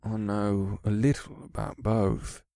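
A man's voice: on the low side, flat delivery, slow, gravelly, no room sound, clean studio sound. A man voicing a foppish, grey-skinned horned rogue who talks in an effeminate, dismissive way in an audiobook. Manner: effeminate, dismissive, soft-spoken. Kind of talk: audiobook character voice.

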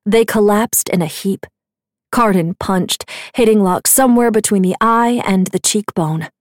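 A woman reads a scripted fantasy audiobook in a measured, even storytelling style. Her voice is mid-range, and the recording is clean studio sound with no echo.

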